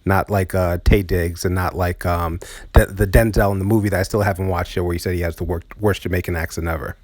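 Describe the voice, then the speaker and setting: A man hosting a podcast in casual chat, laughing often and talking in halting starts full of fillers. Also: low-pitched, steady tone, a little mellow, dry recording. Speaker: podcast host.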